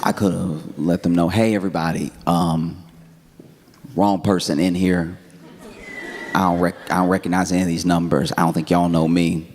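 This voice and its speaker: A male comedian with a deep, gravelly voice tells a story on stage. He keeps his delivery calm, wry and laid-back. There is clear noise around him in the live room. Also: moderate pace, a faint crowd. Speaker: stand-up comedian. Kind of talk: stand-up storytelling.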